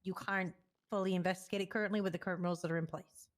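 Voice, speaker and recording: Fast-talking woman acting as sheriff. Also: lowish voice, steady tone. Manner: brisk and decisive. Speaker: temporary sheriff in a roleplay meeting. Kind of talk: casual roleplay chat.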